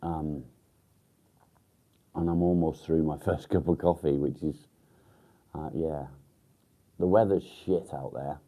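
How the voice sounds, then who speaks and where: A man's voice: a bass voice, fairly even intonation, takes it slowly, pauses often, dark tone. A man hosting a casual morning live stream, still groggy and rambling with fillers and the odd swear word. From England. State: groggy, just woken up. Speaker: livestream host.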